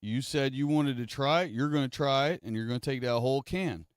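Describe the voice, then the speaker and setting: A man's voice: mid-range voice, fairly quick, clear, resonant tone, no echo, studio quality, voice pushed up, natural voice. A man voicing a strict middle-aged mother who scolds insistently. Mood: stern scolding.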